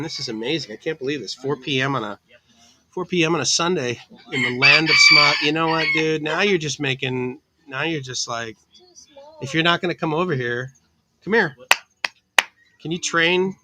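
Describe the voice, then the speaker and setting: A man with a slightly high voice hosts a casual livestream from an outdoor cafe on a tropical island, with background noise behind him. He chats upbeat with viewers, reading their comments and answering each by name.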